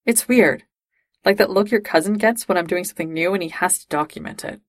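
A woman voicing a friendly, casual young man who talks in a chatty, lively way. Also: on the low side, a little fast, no room sound, clean studio sound, natural voice. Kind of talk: fan-fiction audiobook reading.

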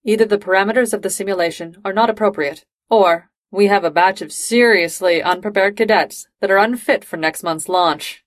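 A woman's voice: medium pitch, moderate pace, few pauses, no echo, lightly acted. A woman voicing a weary, blunt male starship captain with dry exasperation. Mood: exasperated.

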